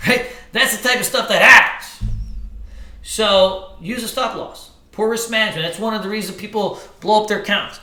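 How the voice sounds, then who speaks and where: An animated man running a live trading seminar, joking and swearing as he tells stories. His voice sits high and swoops widely. It rings bright around a roomy hall. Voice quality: animated, profane, joking storyteller. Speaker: trading instructor. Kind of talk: live seminar talk to an audience.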